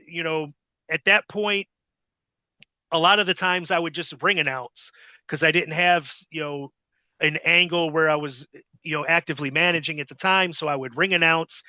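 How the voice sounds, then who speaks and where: A middle-aged man, a podcast host, telling stories in an animated, casual way and acting out quotes, on a close mic. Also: fairly high pitch, normal speed, clear, resonant tone, dry recording. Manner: animated, repeats words, acts out quotes. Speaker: podcast host, former ring announcer. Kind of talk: casual storytelling.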